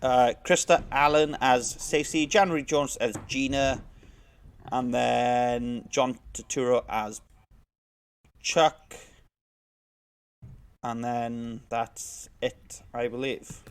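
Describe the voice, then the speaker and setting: A man co-hosting a podcast, recapping a film plot in casual chat and pausing on fillers. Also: mid-range voice, fairly even intonation, smooth. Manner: hesitant, filler-heavy recapping. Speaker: podcast co-host.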